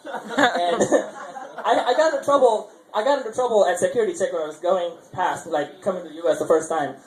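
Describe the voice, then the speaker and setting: High-voiced man doing rambling stand-up. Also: a little fast. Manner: rambling, self-correcting, chuckling at his own jokes. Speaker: stand-up comedian. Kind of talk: open mic stand-up. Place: small open mic venue. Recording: roomy live venue sound.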